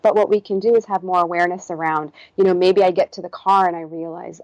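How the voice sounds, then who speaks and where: A woman therapist speaks on a podcast in a calm, reflective way. Her voice sits a little low, and it turns soothing when she models kind words to herself. The sound is dry and close to the mic. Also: fast talker, hardly any pauses, no echo, poor audio. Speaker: therapist guest. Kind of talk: podcast interview.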